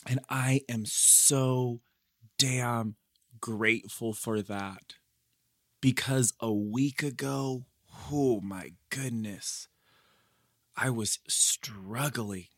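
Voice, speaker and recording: Unhurried man, candid podcast chat. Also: mid-range voice, a bit bright, dry recording, studio quality. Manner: candid, reflective, playful slang. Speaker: podcast host. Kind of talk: casual solo podcast chat. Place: living room, in a comfy chair.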